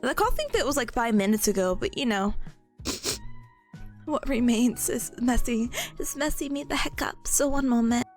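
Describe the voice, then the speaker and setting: Bubbly high-voiced woman, a bit hoarse. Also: wildly swooping pitch, measured pace. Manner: bubbly, playful, giggly. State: hoarse from coughing. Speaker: VTuber streamer. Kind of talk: casual livestream chat. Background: faint background music.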